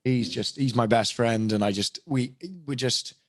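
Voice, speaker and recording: A young British man, a voice actor and impressionist, rambles through a casual podcast chat in a self-deprecating way, restarting often. His voice sits at medium pitch with a steady tone and normal speed. The sound is clean studio audio with no room sound.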